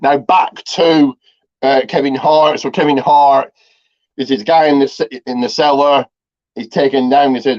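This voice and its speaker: A man with a medium-pitched, steady voice summarizes a movie's plot at a moderate pace for a review. His casual delivery rambles with lots of fillers and restarts, captured in slightly dull lo-fi sound.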